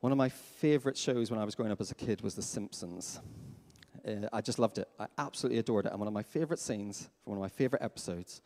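A man preaching a sermon as pastor in a church, lively and questioning his congregation. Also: fairly low pitch, quick pace. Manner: animated, asks the congregation questions. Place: church hall. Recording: long hall reverb.

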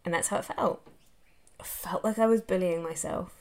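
A woman's voice: on the low side, normal speed, creaky. Candid, swearing Australian woman. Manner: candid and animated, swears freely; rambling, tumbling run-on sentences. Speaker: podcast host. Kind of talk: casual solo monologue, live-streamed. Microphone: phone, live on social media.

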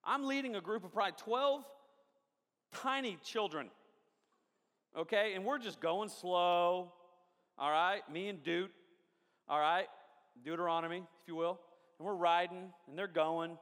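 A man preaches a sermon with a high, bright voice. He tells stories, jokes and keeps asking his listeners for nods. The sound rings with the long reverb of a big church hall. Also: a little slow, pauses often. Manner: animated, jokey, asks the crowd often. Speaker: pastor. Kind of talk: sermon with storytelling.

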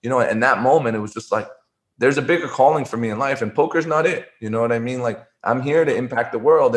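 Here an earnest former poker player, speaking in a mid-range, slightly bright voice, tells stories as an interview guest. His conversational delivery includes repeated words and restarts.

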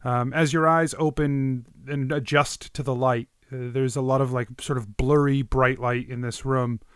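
A man narrates a tabletop adventure as game master, setting scenes in a mid-pitched voice. His delivery is descriptive and full of little fillers. The sound is close and dry, with no room around it. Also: fairly even intonation, moderate pace, clear, resonant tone, no room sound.

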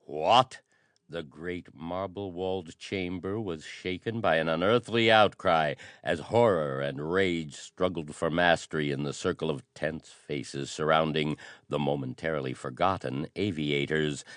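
A man narrating a pulp adventure story in a measured, dramatic reading style. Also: extremely low pitch, dry recording, studio quality. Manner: measured, dramatic reading of old-fashioned prose. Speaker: audiobook narrator. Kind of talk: scripted narration.

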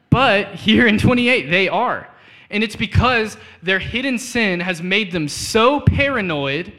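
Bright-voiced man preaching, drawl. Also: sits high. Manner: conversational preaching, quick asides and acted-out quotes. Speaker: pastor. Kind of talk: sermon. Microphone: switches to a handheld mic partway.

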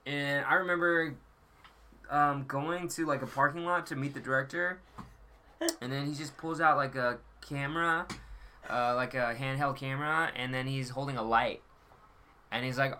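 Bright, animated man. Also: mid-range voice, normal speed. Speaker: actor guest. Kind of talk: casual interview chat.

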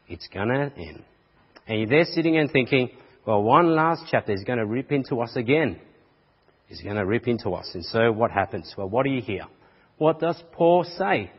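A man's voice: mid-range voice, slightly rough. Emphatic male preacher in a reverberant hall. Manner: emphatic, repetitive rhetorical preaching. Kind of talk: sermon. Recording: muffled audio with long hall reverb.

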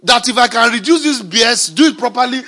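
A male pastor with a high, gravelly voice delivers an emphatic sermon. His tone is bright and edgy, with a raspy grain. He swings between shouted declarations and quiet, conversational asides. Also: lively intonation, fast.

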